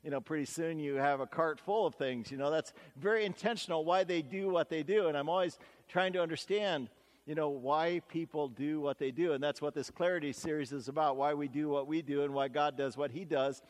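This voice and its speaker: A man's voice: on the high side, a little fast, big-room sound. A man preaching a sermon as pastor, talking in a conversational, folksy way with stories and asides.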